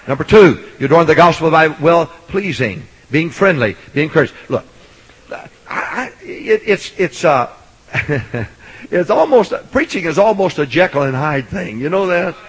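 Hollering Baptist preacher, husky voice. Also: male voice, a little high, lively intonation, unhurried, low-quality recording. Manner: loud, hollering preaching with sudden shouts, then soft storytelling. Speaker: Baptist pastor. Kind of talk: sermon.

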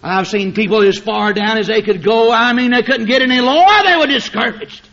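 Man, fiery preacher, high voice, hushed-to-shouting swings, dull old recording. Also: gravelly. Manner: dramatic swings from hushed to shouting, drawn-out emphasis. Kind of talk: fiery sermon.

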